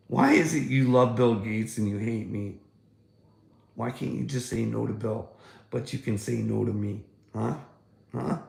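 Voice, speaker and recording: A man's voice: medium pitch, creaky, a little mellow, reverberant. A man chatting casually on a livestream, mocking and swearing at viewers and laughing often. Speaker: livestreamer talking to chat.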